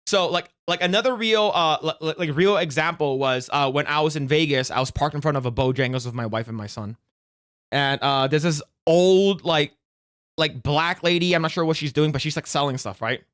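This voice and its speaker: A man's voice: fairly high pitch, brisk, a bit bright, clean tone. A man hosting a stream, reacting and telling stories in casual, rambling, profane chat full of fillers. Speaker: streamer host.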